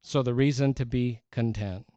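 Earnest male preacher, dark mellow voice. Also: medium pitch, steady tone, normal speed, dry recording, dull audio. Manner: earnest, emphatic preaching with scripture readings. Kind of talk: sermon.

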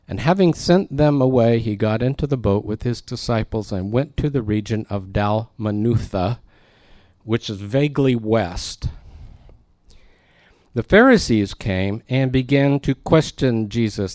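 A man with a fairly low voice teaches through a scripture passage, chatting with his listeners and tossing in jokes. The sound is dry and close, with little room around it. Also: a little slow, darkish tone, no echo. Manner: conversational, joking asides to the congregation. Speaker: pastor. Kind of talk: expository sermon.

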